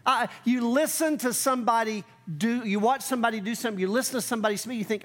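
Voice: medium pitch, fast talker, hardly any pauses, a bit bright. Pastor giving a sermon, chatty and emphatic, pace jumps around. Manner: conversational, emphatic, acts out quotes.

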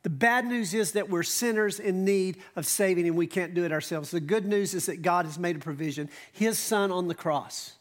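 A man, preaching a sermon from a church stage. He talks in a relaxed way, full of asides, and slows down to stress key phrases. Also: sits high. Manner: conversational preaching with asides and emphatic slowdowns. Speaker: pastor.

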